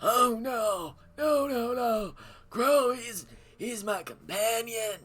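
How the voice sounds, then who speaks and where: A player doing a loud, cracking old man voice. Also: very high-pitched, slow, husky, voice pushed up, exaggerated voice. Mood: doddering. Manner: loud, cracking, breaking into laughs. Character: muttering forgetful old man with pet raven.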